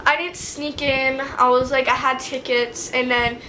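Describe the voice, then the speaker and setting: A young woman vlogger telling a story in a casual, animated, slangy way, acting out what people said. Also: high voice, a little slow, noisy background. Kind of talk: storytime vlog. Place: indoor room.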